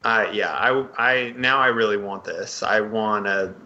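A man co-hosting a casual podcast discussion, halting and enthusiastic with many fillers and restarts. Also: fairly low pitch, fairly even intonation, sharp tone, lo-fi sound. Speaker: podcast co-host.

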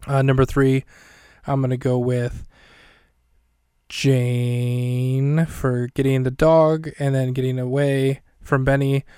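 Man, podcast host, casual recap, monotone, smooth voice, dry room. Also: medium pitch, takes it slowly, no room sound. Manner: rambling, self-correcting, light and jokey. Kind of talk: casual chat.

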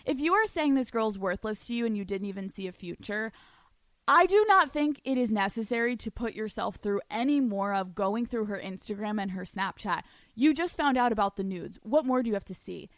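Young woman podcast host, swears a ton, blunt animated advice, mid pitch, dry close sound. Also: a little fast, no room sound. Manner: blunt, profane, animated storytelling. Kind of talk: casual advice chat, reading listener letters.

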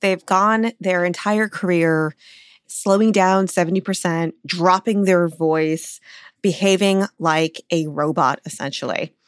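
A woman's voice: on the low side, a little slow, clear, resonant tone, dry recording, clean studio sound. Woman podcast host asking questions. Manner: conversational, asks questions. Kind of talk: podcast interview.

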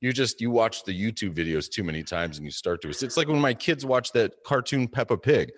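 A man's voice: on the low side, expressive, brisk, dry recording, clean studio sound. A man in his forties, co-hosting a casual discussion in a thoughtful, rambling way.

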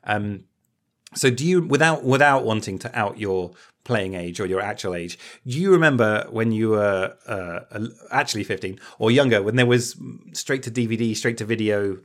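A man's voice: lowish voice, expressive, moderate pace. A man co-hosts a podcast in an easy, chatty way. He explains his points thoughtfully and often qualifies what he says. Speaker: podcast co-host. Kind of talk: casual chat.

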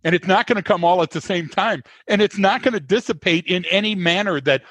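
A man holds forth in a podcast conversation, emphatic and lecturing. He leans on rhetorical questions as he makes his points. His voice sits fairly high and a little husky, recorded close and dry. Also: a little fast, a bit bright, no room sound. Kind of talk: conversational explaining.

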